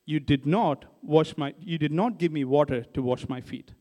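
Preacher quoting a calm, measured man delivering a gentle rebuke, high voice, hall echo. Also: lightly acted. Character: Jesus, calm adult man rebuking his host. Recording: long hall reverb.

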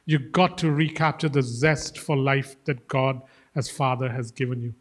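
A guest preacher with a mid-range voice speaks at normal speed, giving a congregation a casual sermon full of jokes. He's animated and acts out voices as he tells his stories.

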